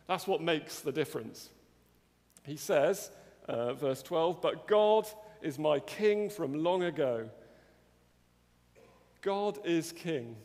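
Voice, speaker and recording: A man preaching a sermon in an earnest way, often asking his listeners questions like "isn't it?". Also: fairly high pitch. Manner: earnest, with tag questions to the congregation. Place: church hall. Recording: long church-hall reverb.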